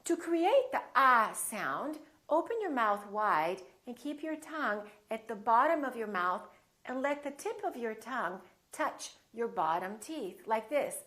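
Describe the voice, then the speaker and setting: Slow, deliberate American woman teacher. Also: on the high side, very animated, fairly bright tone. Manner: slow and deliberate, demonstrating vowel sounds. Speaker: pronunciation teacher. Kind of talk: scripted pronunciation lesson.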